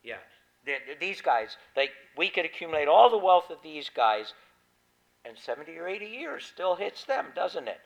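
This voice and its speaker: Man, preacher, sermon, emphatic, animated delivery, explanatory. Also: fairly high pitch, moderate pace, rough recording. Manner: emphatic, rising to stress key words. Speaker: pastor.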